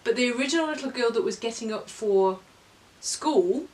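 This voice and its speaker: A woman's voice: a little high, lively intonation, normal speed. A woman co-hosting a casual children's book review, telling stories expressively and reading aloud with drama. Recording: voice a little far from the mic.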